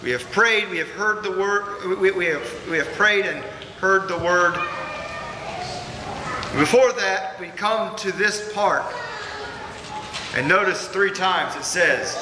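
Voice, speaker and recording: A man with a high voice preaches earnestly to his congregation, often repeating himself for emphasis. His words ring through a large church with a long reverb. Noise is clear behind him. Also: slow pace, pauses often. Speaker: pastor. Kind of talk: sermon. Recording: echoey church hall with background noise.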